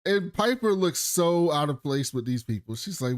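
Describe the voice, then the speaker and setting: Animated man recapping a show. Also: a little high, normal speed, no echo, clean studio sound. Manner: animated retelling, swears freely, acts out quotes. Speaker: podcast co-host. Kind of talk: casual recap chat.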